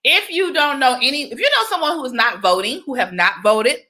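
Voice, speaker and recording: Young woman, livestream host, bright and lively, talks straight to her viewers. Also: high voice, brisk. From Georgia, US. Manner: chatty, animated, breaks into sung exclamations. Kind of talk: casual livestream chat.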